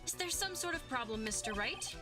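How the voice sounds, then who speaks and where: A woman's voice: on the high side, animated, brisk, over music, close to an everyday voice. A woman voicing a cold, haughty young female prosecutor in a video game. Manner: haughty, curt.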